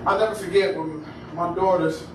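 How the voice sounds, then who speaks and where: A man pastor with a Cleveland, Ohio accent preaching a call-and-response sermon, climbing into shouted, drawn-out phrases. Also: sits high, fairly even intonation. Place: church sanctuary. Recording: echoey church hall from far off, noisy.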